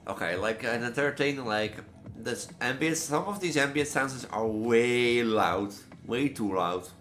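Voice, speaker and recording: A man's voice: medium pitch, lively intonation, a little slow, fairly bright tone, faint music behind. A man casually commenting on a horror game he plays, rambling and musing aloud with many "like"s. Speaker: gameplay streamer. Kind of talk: casual let's-play commentary.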